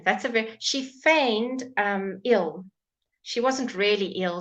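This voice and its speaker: Slow, patient woman teaching pronunciation. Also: a little high, fairly bright tone, poor audio. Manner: patient, repeats words slowly for learners to copy. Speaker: English teacher. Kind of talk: live online pronunciation lesson. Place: home.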